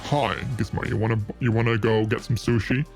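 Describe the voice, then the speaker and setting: A man doing a put-on voice of a smooth, rich, seductive "daddy" man, slow and hushed, with a soothing low tone. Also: steady tone, soft background music, lightly acted. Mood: smug. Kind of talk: live stream banter.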